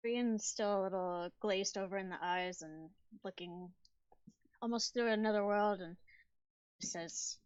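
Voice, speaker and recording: Soft-spoken woman tabletop player. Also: mid-range voice, a little slow, clear, resonant tone, no room sound, dull audio. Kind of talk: describing her character's actions.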